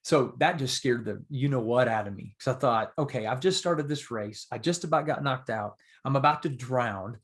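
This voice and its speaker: A man guesting on a podcast, telling stories in a casual, animated and earnest way. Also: mid-range voice, moderate pace, hardly any pauses. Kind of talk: casual storytelling.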